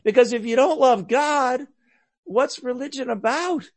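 A man preaching a sermon earnestly, rising to loud emphasis and dropping to hushed, soft lines. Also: very high voice, a little slow, no echo.

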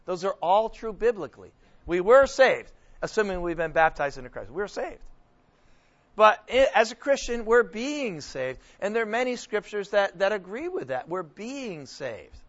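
A man's voice: high voice, animated, normal speed. A man preaching and teaching scripture to a group, questioning his listeners, with frequent restarts. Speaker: preacher leading a Bible study. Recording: dull lo-fi recording.

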